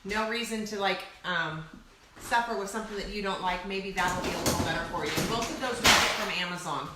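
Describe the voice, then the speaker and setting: A woman chats through a live cooking stream in a home kitchen, speaking straight to her viewers. Her voice sits at an ordinary pitch. It rings in an echoey room over a steady layer of noise. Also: a little fast. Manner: chatty, addresses viewers directly. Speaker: co-host of a cooking livestream. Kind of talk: casual live cooking chat.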